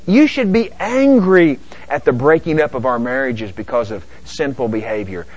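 A middle-aged male pastor preaching a sermon in an animated way, acting out both sides of everyday arguments. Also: mid-range voice, normal speed, few pauses. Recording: dull lo-fi sermon recording.

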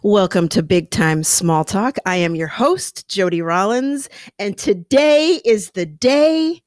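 A woman hosting an interview podcast, bubbly and excitable, laughing often as she chats with her guest. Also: medium pitch, takes it slowly, no echo. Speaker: podcast host. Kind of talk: upbeat interview chat.

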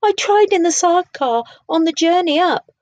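A woman's voice: very high-pitched, expressive, normal speed, darkish tone, dry recording, voice pushed up. A woman voicing a young male bird who cannot fly, whining plaintively in a storybook reading. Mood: woeful.

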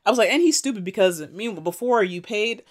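A woman co-hosting a casual chat, retelling a TV episode with lively acted-out quotes and frequent laughter. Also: mid-range voice, fast. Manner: animated storytelling, acting out quotes, laughs often. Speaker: podcast co-host recapping a TV episode.

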